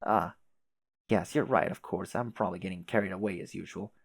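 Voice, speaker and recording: A man's voice: sits low, a little fast, vocal fry, no echo. A man voicing a fussy, long-winded advisor who speaks in a put-on British manner, formal and wordy. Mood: earnest. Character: prim, verbose troll advisor putting on a British manner.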